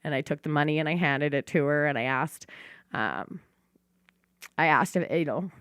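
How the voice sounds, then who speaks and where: A woman podcast host shares a personal story, heartfelt and animated, swearing casually as she nears tears. Her voice sits fairly low, and the sound is dry and close. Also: moderate pace, clear, resonant tone, no room sound. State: teary.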